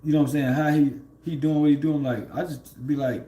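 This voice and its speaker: A man's voice: on the high side, steady tone, fairly quick, mellow. A man, livestreaming from home, rambling in a laid-back way with lots of fillers and laughs. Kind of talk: casual spiritual monologue.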